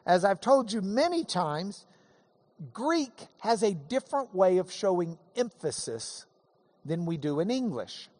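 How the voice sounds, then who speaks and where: Lively preaching man in a reverberant hall. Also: high voice, unhurried. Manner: lively, conversational preaching with asides. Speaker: pastor. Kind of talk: sermon with Bible teaching.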